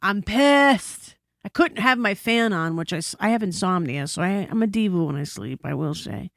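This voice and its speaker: A woman's voice: on the low side, fairly quick, gravelly, no room sound, studio quality. Woman telling a wild story, profane. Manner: animated, profane, frequent asides. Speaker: podcast guest. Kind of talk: casual storytelling chat. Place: podcast studio.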